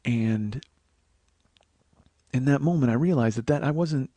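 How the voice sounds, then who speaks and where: A man in his forties, hosting his podcast and telling a raw, profane story that swings from hushed and tearful to loud and laughing. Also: mid-range voice, measured pace, long pauses, dry recording. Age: 40s. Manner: profane, rambling with many restarts. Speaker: podcast host. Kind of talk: confessional comic storytelling.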